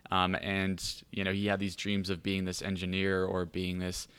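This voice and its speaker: A very low-voiced man talking casually, his voice smooth and resonant. He rambles through a long story with plenty of "um"s and "like"s. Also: monotone, normal speed, fairly bright tone. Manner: rambling storyteller, many fillers. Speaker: player describing his character. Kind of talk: casual podcast chat.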